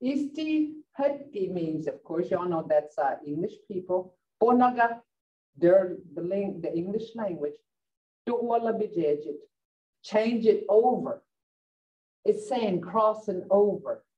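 A woman teaching a vocabulary lesson in class. She laughs often and repeats words slowly for the learners. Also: mid-range voice, animated, dark tone. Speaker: language teacher. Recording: dull lo-fi sound from a distant mic.

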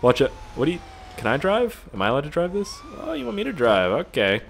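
A young adult man giving casual, jokey gameplay commentary, rambling and swearing with excitable outbursts. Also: a little high, quick pace, a little hiss or hum. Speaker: gaming YouTuber. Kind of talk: casual let's-play commentary.

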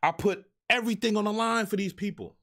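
A man with a high voice and fairly bright tone hosts his own live show, talking fast. In ranting live stream fashion, he vents profanely and with exasperation at the people who send him music.

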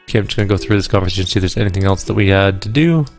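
A male let's play host reads game dialogue aloud at a brisk pace, tossing in dry asides. His voice sits a little low, and faint game music plays in the background. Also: lively intonation. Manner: casual and quick, with dry asides.

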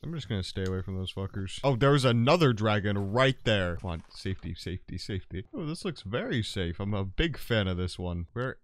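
A man giving profane, sarcastic commentary while playing a video game, breaking into sudden shouts. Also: lowish voice, animated, brisk, few pauses. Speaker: gaming YouTuber. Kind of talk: crude comedic gameplay commentary.

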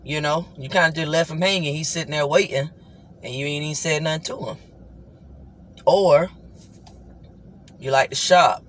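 A woman's voice: deep voice, normal speed, long pauses, low-quality recording. A tired woman, worn out after an all-night shift, gives a casual devotional talk to her viewers, chatty and full of "guys" and "you know.". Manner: loose, conversational preaching with repeated "guys" and "you know". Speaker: vlogger hosting a weekly worship talk. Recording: clear traffic noise behind.

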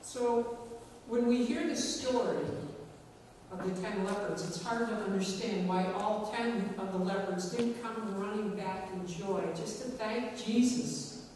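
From far back in a large, reverberant church, a woman preaches slowly and deliberately, relying on dramatic pauses. Her middle-pitched voice is a little mellow, with a long hall echo trailing each phrase over faint room noise.

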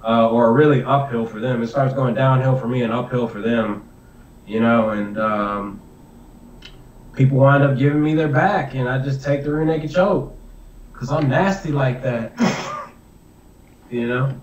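A man's voice: mid-range voice, measured pace, long pauses, slight background noise. A young man, an MMA fighter, telling a fight story in an interview with lots of fillers and acted inner thoughts. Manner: animated, filler-heavy retelling with acted inner voice. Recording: distant, roomy, dull audio.

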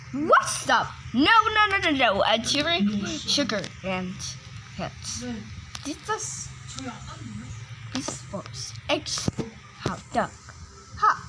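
A woman giving excitable, casual gameplay commentary, exclaiming and repeating her words. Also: sits high, takes it slowly, pauses often, background noise. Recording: game music playing behind.

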